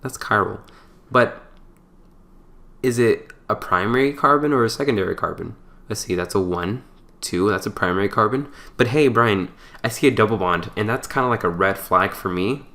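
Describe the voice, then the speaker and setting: A man with a somewhat low voice walks through a chemistry problem like a tutor at a whiteboard. He keeps it loose and conversational, tossing in jokey asides and correcting himself along the way. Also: moderate pace. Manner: relaxed and chatty, with playful asides and small stumbles. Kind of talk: casual whiteboard lecture.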